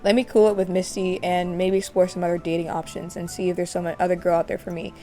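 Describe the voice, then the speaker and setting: A woman's voice: on the low side, level tone, fast talker, mellow, soft background music, close to an everyday voice. A woman voicing a cautious young man in a life-sim game who muses aloud about his options. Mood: musing. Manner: musing, self-talking.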